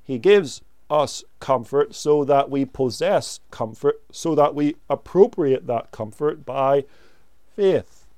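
Slow, emphatic male preacher. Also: medium pitch, expressive, a little mellow, smooth, no echo, clean studio sound. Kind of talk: sermon.

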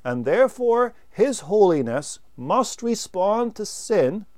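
Male preacher, slightly high and smooth; unhurried sermon delivery that leans hard on single words. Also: very animated, a little mellow. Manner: slow, deliberate preaching with emphatic pauses on single words.

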